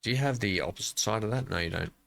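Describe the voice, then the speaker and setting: Bright-voiced Australian man rambling through gameplay. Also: on the low side, fast, creaky. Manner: rambling, playful, talks to himself. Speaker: gaming channel host. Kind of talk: casual gameplay commentary.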